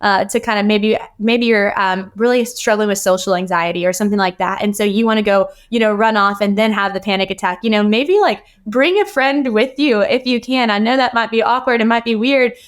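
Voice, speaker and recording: A woman's voice: mid-range voice, a little fast, few pauses. A woman guest on a podcast, talking earnestly and rambling with many fillers in casual interview conversation.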